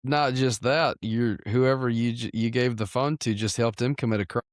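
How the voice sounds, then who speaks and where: A man's voice: medium pitch, steady tone, moderate pace, no room sound, studio quality. A man co-hosting a podcast, chiming in with laid-back agreement and short remarks in casual chat. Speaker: podcast co-host.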